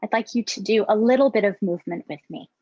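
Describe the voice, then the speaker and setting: A woman on a video call, gently guiding a breathing and mindfulness exercise. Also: mid-range voice, fast, breathy edge, no echo. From Hawaii. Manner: calm, gentle instructing. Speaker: yoga and mindfulness presenter. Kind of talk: guided mindfulness workshop. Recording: dull, dry video call audio.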